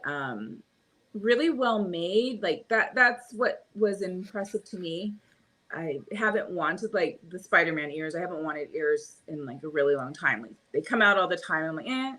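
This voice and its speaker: A woman's voice: fairly low pitch, fairly bright tone. Chatty laughing Californian woman. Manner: chatty, rambling, laughs often. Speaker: streamer and podcast co-host. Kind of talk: casual chat.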